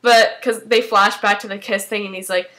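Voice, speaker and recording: A woman's voice: mid-range voice, fairly even intonation, moderate pace, a bit bright. Chatty young woman rambling through a recap. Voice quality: rambling with many fillers, chatty. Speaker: fan recapping a TV episode. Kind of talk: casual spoken recap.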